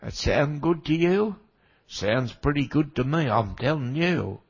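A man's voice: a little high, expressive, measured pace, vocal fry, breathy edge, lo-fi sound. An older man preaching a sermon with a cold, speaking conversationally and making wry asides to the congregation. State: has a cold, coughing now and then.

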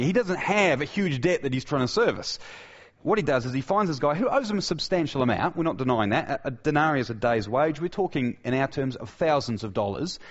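Male preacher, mid-range voice, emphatic sermon delivery with repetition and restarts, softens for key lines; dull recording. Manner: emphatic, repeats key phrases, frequent restarts; drops to a soft, low voice for key points.

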